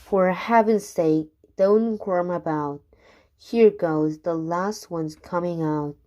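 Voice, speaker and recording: A woman's voice: lowish voice, slow pace, warm tone. A woman reading aloud as a gleeful, greedy male dentist who talks in a cheerful, pompous way.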